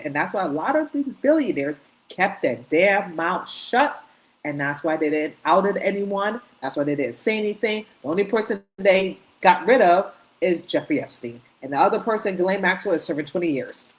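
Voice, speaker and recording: A woman's voice: mid-range voice, low-quality recording. A woman co-host giving emphatic commentary, agreeing and building on the point.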